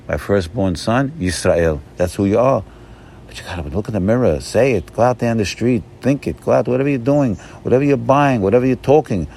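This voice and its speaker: A man's voice: lowish voice, darkish tone, slight background noise. A man giving an informal religious teaching, emphatic and repetitive, often restarting his sentences. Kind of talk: informal Torah talk.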